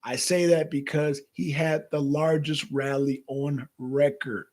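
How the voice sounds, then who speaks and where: A man with a rather high voice speaks at an unhurried pace. He co-hosts a political talk show and chats with his viewers in an animated, profane way, delivering casual livestream commentary.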